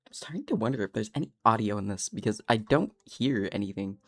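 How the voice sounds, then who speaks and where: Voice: medium pitch, animated, fast talker, no room sound. A game streamer, chatting casually through a livestream, giggling often and muttering to themselves. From Canada. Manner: giggly, talks to themselves, lots of laughter.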